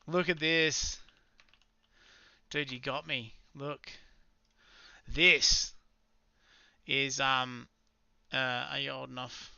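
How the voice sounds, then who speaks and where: An Australian man with a sharp, bright, crisp voice chats loosely on a live stream, rambling and joking in slangy talk. The sound is dry and close, with slightly dull, lo-fi streaming audio. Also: medium pitch, dry recording. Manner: chatty, rambling, laughs often, slangy. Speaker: livestream trading host. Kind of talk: casual live-stream chat.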